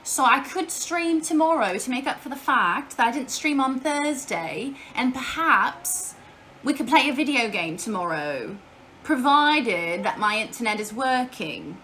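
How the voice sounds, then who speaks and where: Woman streamer, chatty and loose, swears offhand, bright, forceful voice. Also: high voice, expressive, measured pace, slight background noise. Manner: chatty, swears casually, answers chat aloud. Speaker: live streamer. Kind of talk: casual live-stream chat. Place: at home.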